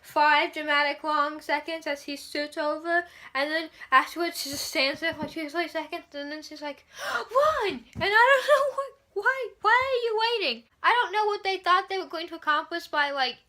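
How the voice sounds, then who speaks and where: A woman's voice: sits high, fairly even intonation, moderate pace, few pauses, pushed and bright. A woman reviewing a movie in a casual, sarcastic, exasperated rant, swearing freely.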